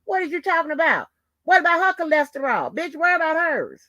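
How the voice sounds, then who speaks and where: High-voiced woman in a cursing rant. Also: very animated, fast, pushed and bright, dry recording. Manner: heated, cursing, taunting. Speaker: channel host. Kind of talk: angry profane rant to the camera.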